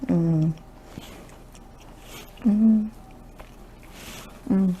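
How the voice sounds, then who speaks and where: A woman's voice: medium pitch, extremely slow, dull audio, a little hiss or hum. A woman with a Southern US accent, hosting a home cooking video in a chatty, folksy way and savoring the food aloud. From Louisiana, US Southern. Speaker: cooking show host.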